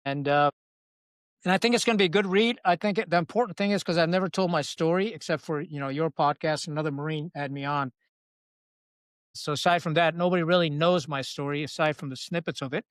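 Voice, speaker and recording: A man in a podcast interview, telling frank stories in a blunt, salty, animated way. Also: on the high side, a little fast, no room sound. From Pakistan. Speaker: podcast guest, retired Marine officer. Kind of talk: candid conversational storytelling.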